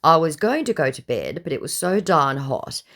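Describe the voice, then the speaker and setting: A woman's voice: low voice, big pitch swings, normal speed, a bit bright. A tired woman telling a scam-bait story in a blunt, sarcastic, exasperated way. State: tired from the heat. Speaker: vlogger recounting scam-bait chats. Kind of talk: casual storytelling to camera.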